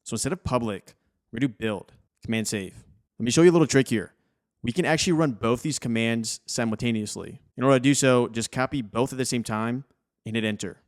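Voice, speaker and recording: A man's voice: mid-range voice, brisk. A young adult man hosting a screen-recorded coding tutorial, casual and encouraging as he talks viewers through each step.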